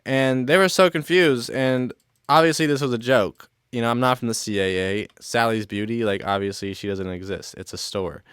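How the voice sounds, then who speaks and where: A man's voice: mid-range voice, moderate pace, a bit bright, smooth, dry recording, clean studio sound. A young man telling a casual storytime, rambling, leaning heavily on "like" as a filler and cursing freely. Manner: rambling, filler-heavy with constant "like" and swearing.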